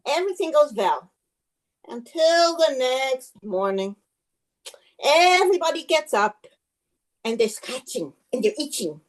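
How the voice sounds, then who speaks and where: Animated woman telling a folk tale. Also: high voice, unhurried, low-quality recording. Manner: animated, expressive storytelling. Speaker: club speaker. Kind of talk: folk tale storytelling speech.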